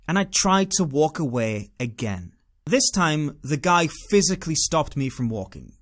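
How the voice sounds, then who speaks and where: A man's voice: on the high side, sing-song, normal speed. A man with a British accent telling a first-person travel story in a dramatic, wry way.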